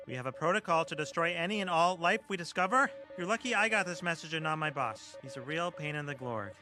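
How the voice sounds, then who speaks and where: A smug fake alien overlord. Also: male voice, on the high side, lively intonation, fast talker, bright, forceful tone, soft background music. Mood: mock-ominous. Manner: mock-ominous, smug. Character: teen boy faking a menacing alien.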